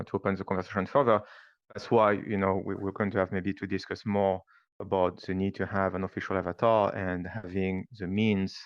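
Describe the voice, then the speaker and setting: A man with a French accent speaking on a panel, pausing often with fillers as he works through his points. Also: low-pitched, gravelly, no echo, muffled recording. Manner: thoughtful, halting, many fillers. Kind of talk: panel discussion.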